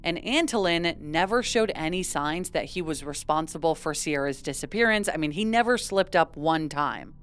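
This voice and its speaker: A woman's voice: low voice, expressive, normal speed, hardly any pauses, clean tone. A young woman co-hosting a casual true-crime podcast, chatty and laughing often, with lots of "like". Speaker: podcast co-host.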